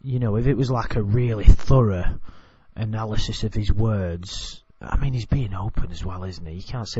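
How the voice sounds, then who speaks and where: A man's voice: on the low side, moderate pace, darkish tone, breathy edge, dry recording, dull audio. An English-accented man commenting on a TV clip in a rambling, blunt, self-correcting way. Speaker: video commentator.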